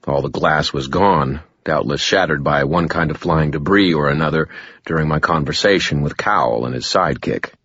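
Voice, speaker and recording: A man's voice: very deep voice, normal speed, fairly bright tone, slightly rough, no room sound, muffled recording. A man narrating a novel in first person, with a dry, wry delivery. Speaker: audiobook narrator.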